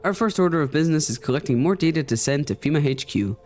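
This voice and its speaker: A man reads out a brisk male government agent from a video game, reassuring and official. He talks fairly fast over quiet game music. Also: fairly high pitch, animated, lightly acted.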